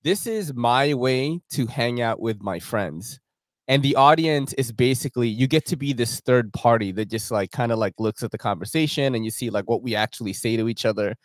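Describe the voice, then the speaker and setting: A man's voice: medium pitch, normal speed, no echo, clean studio sound. A man hosting a podcast in a laid-back, slangy manner, laughing often. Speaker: podcast host. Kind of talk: casual podcast chat.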